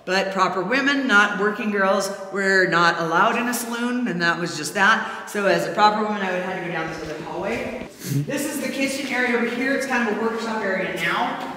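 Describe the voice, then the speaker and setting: A woman's voice: mid-range voice, fairly quick, sharp tone. Casual storytelling tour guide woman, recorded in a reverberant old building. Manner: chatty storyteller, many fillers, laughs easily. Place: inside an old abandoned hotel. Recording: echoey room, faint noise.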